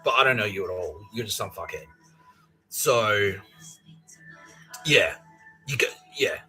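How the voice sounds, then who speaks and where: A man's voice: on the low side, lively intonation, unhurried, bright, forceful tone, soft background music, poor audio. A man telling a rambling, profane comedic story on his own podcast, mimicking the people in it. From Australia. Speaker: podcast host.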